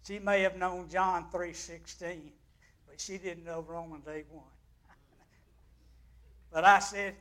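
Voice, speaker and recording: A male pastor gives a sermon. He tells stories dramatically, swinging between loud and quiet. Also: high-pitched, level tone, measured pace, pauses often. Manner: dramatic storytelling with big swings in loudness.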